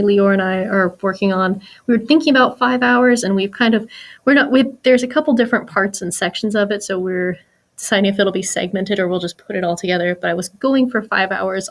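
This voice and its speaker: Chatty laughing woman from Kentucky. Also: mid-range voice. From Kentucky, USA. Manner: chatty, laughs often, restarts phrases. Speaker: guest. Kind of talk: casual interview chat.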